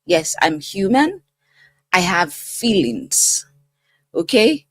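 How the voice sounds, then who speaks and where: A middle-aged woman speaks as a life coach to her viewers, slow and deliberate, her pitch rising and falling widely. She talks in an emphatic, direct way. The sound is close and dry, with no room echo. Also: big pitch swings. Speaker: life coach and channel host. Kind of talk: casual commentary to camera.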